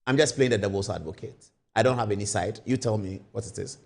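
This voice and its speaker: A man's voice: fairly low pitch, fast, vocal fry. A man hosting a live late-night TV talk show, telling a long hypothetical story and firing rhetorical questions at his viewers.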